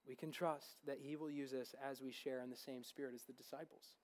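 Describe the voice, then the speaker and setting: A man's voice: on the high side, darkish tone. A young man preaching a sermon as pastor, earnest and growing fervent. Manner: earnest, building to fervent enthusiasm.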